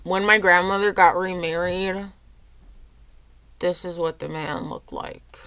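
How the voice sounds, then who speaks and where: A young woman vlogging at home, low and teary, rambling with lots of "like". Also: steady tone, takes it slowly, fairly bright tone, slight background noise. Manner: rambling, says "like" often. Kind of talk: casual confessional vlog.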